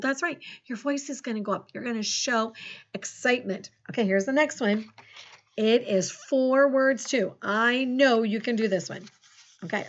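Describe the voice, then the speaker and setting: In a recorded phonics lesson for second graders, a high-pitched woman dictates sentences slowly and encouragingly, with big swings in her voice. The audio is dull.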